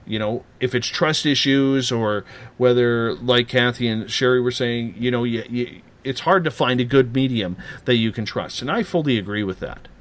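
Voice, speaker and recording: A man hosting a late-night radio talk show, animated and teasing as he rants. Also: mid-range voice, moderate pace.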